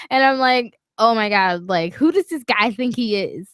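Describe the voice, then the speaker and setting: A woman co-hosting a podcast, telling a story in casual chat, animated and swearing, acting out what others said. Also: high voice, normal speed, few pauses, dry recording. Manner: animated, swearing, acts out quotes. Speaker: podcast co-host. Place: small podcast studio.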